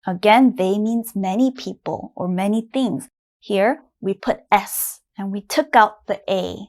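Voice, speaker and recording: A woman teaching beginner English grammar at a board, patient and clearly enunciated, repeating words for learners to copy. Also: medium pitch, unhurried, a little mellow. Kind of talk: slow beginner grammar lesson. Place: classroom at a board.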